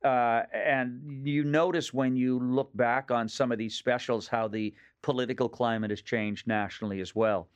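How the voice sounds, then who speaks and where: A Nova Scotia comedian in his fifties, guesting on a casual radio interview, spins rambling stories packed with jokes. His mid-range voice moves at a normal speed with fairly even intonation, flowing smoothly with few pauses.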